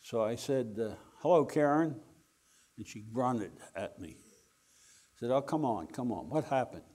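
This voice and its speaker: An older man tells a story to an audience in a wry, animated way, slipping into the back-and-forth of the dialogue. His pitch sits in an ordinary middle range for a man. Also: measured pace, slightly rough. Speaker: speaker telling a story to an audience. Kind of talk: anecdotal storytelling talk.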